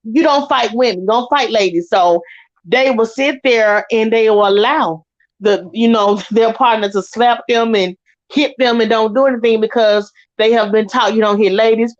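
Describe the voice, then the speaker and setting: A woman co-hosting a casual chat, relaxed and hesitant, reading out viewer comments. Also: fairly high pitch, moderate pace. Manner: relaxed, hesitant, many "you know" fillers. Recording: muffled lo-fi audio.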